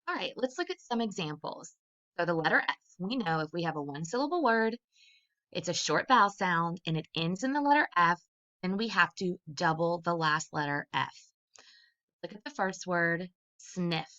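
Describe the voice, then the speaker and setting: A woman literacy specialist teaching a phonics lesson to young children, speaking clearly and deliberately and sounding out letters one at a time. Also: fairly low pitch, animated, sharp tone. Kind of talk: early-grade phonics lesson. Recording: dull lo-fi sound.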